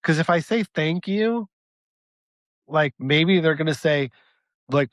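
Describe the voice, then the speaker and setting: A man co-hosting a podcast, grumbling about small talk and muttering low when he quotes himself. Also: moderate pace, pauses often, fairly bright tone, no echo. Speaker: podcast co-host. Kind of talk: casual chat.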